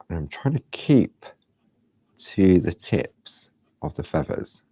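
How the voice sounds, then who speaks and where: A man hosting a craft show, chatting casually and rambling a little as he demonstrates, sometimes dropping to a soft near-whisper. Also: low voice, sing-song, slow, slightly rough, dry recording.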